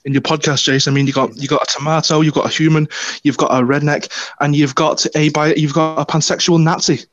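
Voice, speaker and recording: A man joking deadpan and teasing the others during a casual podcast chat. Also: on the high side, quick pace, no echo, lo-fi sound. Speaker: podcast co-host.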